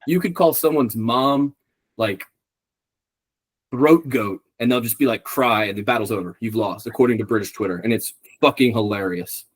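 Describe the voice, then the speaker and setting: A young man co-hosting a podcast in casual chat, rambling with lots of ums and swearing freely. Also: medium pitch. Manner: rambling, profane, many ums. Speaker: podcast co-host.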